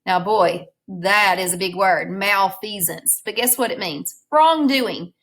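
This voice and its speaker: A woman's voice: mid-range voice, takes it slowly, a bit bright, poor audio. A woman teacher reading a storybook aloud in a recorded class lesson, patiently explaining words and prompting her students.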